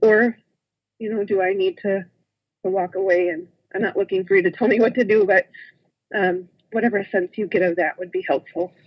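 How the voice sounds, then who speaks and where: A woman calls in to a talk show and speaks hesitantly, pausing often with "um" as she looks for her words. Her voice sits at an ordinary pitch and comes through a muffled phone line. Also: fairly even intonation. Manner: hesitant, full of um pauses. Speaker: caller. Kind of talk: call-in question.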